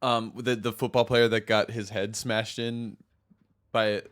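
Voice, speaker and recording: A man's voice: fairly low pitch, little pitch movement, unhurried, fairly bright tone. Profane, laughing American podcast guy. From United States. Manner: loose, profane, laughing a lot. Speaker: podcast co-host. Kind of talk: casual banter.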